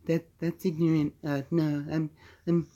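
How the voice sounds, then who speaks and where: A man doing an impression of a soft-spoken male pop star, breathy and giggly. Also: fairly high pitch, flat delivery, measured pace, pitched above the performer's own voice, close to an everyday voice. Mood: protesting.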